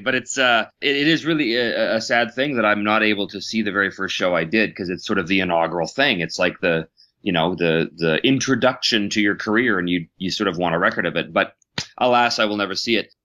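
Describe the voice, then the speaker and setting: A middle-aged man, a voice actor, telling stories in a casual interview, self-deprecating and quick to laugh. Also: lowish voice, sharp tone. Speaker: voice actor guest.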